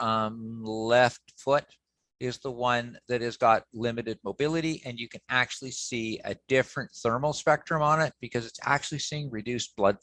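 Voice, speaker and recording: A man giving an academic lecture in a relaxed, conversational way, often pausing with "um" and checking in with "okay" as he explains slides. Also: mid-range voice, no echo. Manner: conversational, frequent "okay" and "um" fillers, self-corrections.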